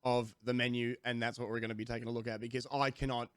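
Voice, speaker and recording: A young Australian man ranting comically to camera as a streamer, rambling with restarts and sudden jumps in pitch. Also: little pitch movement, fast talker, clean tone, dry recording. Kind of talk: comedic rant to camera.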